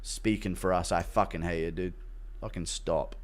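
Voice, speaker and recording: A man's voice: deep voice, normal speed. A man hosting a livestream, reading chat donations and ranting with heavy swearing. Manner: profane, ranting, animated. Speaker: livestream host.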